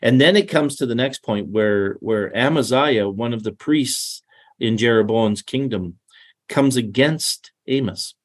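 A man's voice: medium pitch, unhurried, slightly rough. A middle-aged man co-hosting a casual Bible discussion, talking in a rambling, conversational way with restarts and asides. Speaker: Bible study co-host.

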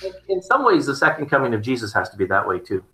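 A man's voice: medium pitch, wildly swooping pitch, fast, sharp tone, reverberant, a little hiss or hum, poor audio. A man in casual conversation about theology, rambling and repeating his words. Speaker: theology discussion partner.

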